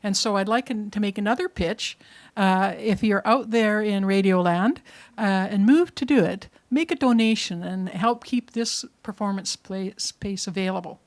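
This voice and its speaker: A woman's voice: medium pitch, normal speed. A woman hosting a live storytelling evening in a small performance space, giving folksy, gracious closing thanks. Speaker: event host.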